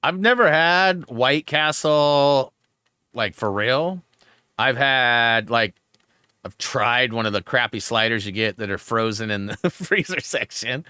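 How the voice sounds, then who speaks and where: A man hosting a gaming live stream, chatting casually and telling rambling, animated stories while he plays. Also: mid-range voice, slow, clear, resonant tone, no room sound, clean studio sound. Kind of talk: live-stream gameplay chat.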